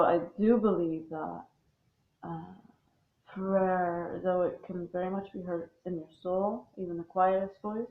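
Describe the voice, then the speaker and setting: Woman, intense and blunt monologue, profane and rambling; phone-quality audio with room echo. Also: medium pitch. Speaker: speaker on religion. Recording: tinny phone-like sound in an echoey room.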